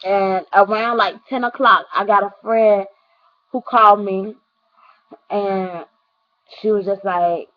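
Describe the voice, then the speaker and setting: A woman's voice: fairly high pitch, expressive, unhurried. A young woman telling a personal story to her viewers, earnest and rambling, often repeating herself and talking straight to the audience. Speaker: vlogger. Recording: dull lo-fi recording.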